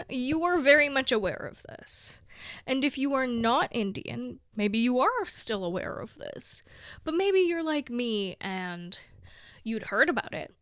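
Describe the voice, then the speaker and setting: A woman's voice: a little high, fairly bright tone, dry recording, studio quality. A young woman from Brazil chatting casually to her viewers, giggly and playful, often dropping into a whisper. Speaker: vlogger. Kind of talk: casual chat to camera.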